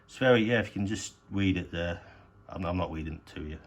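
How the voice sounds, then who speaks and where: A man's voice: low-pitched, fast. A man casually showing his DVD collection at home, rambling and hesitant with frequent restarts and casual swearing. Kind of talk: casual unscripted show-and-tell.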